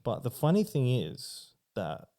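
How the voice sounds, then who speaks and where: Man, podcast guest, casual storytelling, mellow tone, rambling, swears a lot. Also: mid-range voice, wildly swooping pitch, unhurried, gravelly. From Australia. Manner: rambling, heavy swearing, many "like" fillers.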